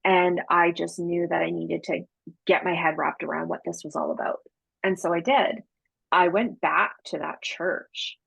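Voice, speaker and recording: A woman's voice: fairly low pitch, fairly even intonation, measured pace, creaky, a bit bright, slightly rough, no room sound, dull audio. A woman guest telling a story in a casual interview, chatty and slangy, acting out the dialogue. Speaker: podcast guest, psychic medium.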